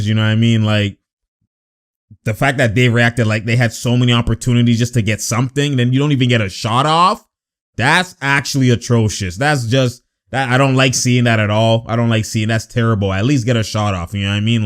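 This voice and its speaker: A man giving casual, slang-filled reaction commentary on basketball footage, animated and exasperated. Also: mid-range voice, clear, resonant tone.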